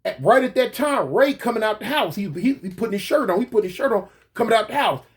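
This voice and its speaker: La guy with a pretty high voice, telling his story, keeps restarting, makes bang noises. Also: fast, slightly rough. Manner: animated, repeats and restarts, mouths gunshot sounds. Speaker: guest recounting a shooting. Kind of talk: casual storytelling.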